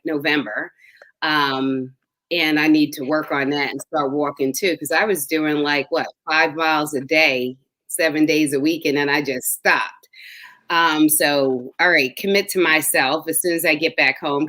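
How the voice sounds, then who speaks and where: A bubbly woman co-host chats casually and laughs easily. Her voice sits on the low side but has a bright, forceful edge. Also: rough recording. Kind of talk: casual chat.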